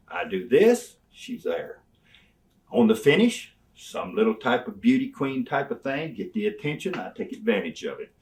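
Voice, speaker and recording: An older man spins his stories in a lively, swinging voice that climbs and drops all the time. He talks in a colorful, folksy way, with plenty of swearing, and sits a little back from the mic. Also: on the low side. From Tennessee, US. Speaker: interview guest, retired wrestler. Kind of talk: casual storytelling interview. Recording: voice a bit distant from the mic.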